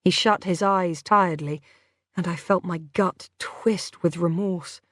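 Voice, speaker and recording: Slow, dry-voiced woman narrating. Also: on the low side, steady tone, a bit bright, no room sound. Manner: tense, dramatic storytelling. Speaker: audiobook narrator. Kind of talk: first-person scripted narration.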